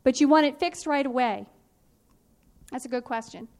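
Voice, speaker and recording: High-voiced lady teaching spelling rules, patient and clear. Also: normal speed, darkish tone. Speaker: phonics teacher.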